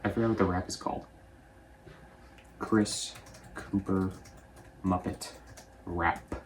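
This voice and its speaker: A young man casually recapping a movie, rambling and offhand, slipping into quick character voices. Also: deep voice, steady tone, a little hiss or hum. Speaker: movie reviewer.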